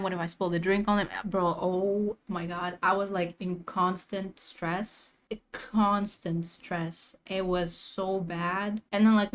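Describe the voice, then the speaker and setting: A young woman streamer in a casual reaction rant, full of slang and filler words, swinging from low mutters to near-shouting.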